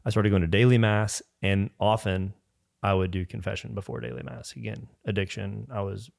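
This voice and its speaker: A man's voice: fairly low pitch, normal speed, creaky, darkish tone, no room sound, studio quality. A man sharing a personal faith testimony as a podcast guest, rambling, with frequent restarts and filler words.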